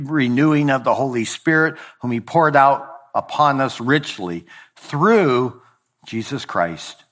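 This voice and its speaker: A pastor delivers a sermon with deliberate pacing, slowing down on important phrases and letting his voice sink at the close of each line. His tone is slightly bright, and now and then he slips up and corrects himself.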